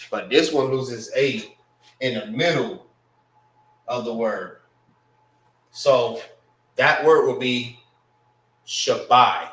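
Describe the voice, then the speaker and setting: Male teacher, slow and patient delivery, mid pitch, recorded far from the mic in a roomy space. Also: fairly bright tone. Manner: slow, repeats words for students to follow. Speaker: language class teacher. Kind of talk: classroom lesson on pronunciation. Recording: echoey room, mic far off.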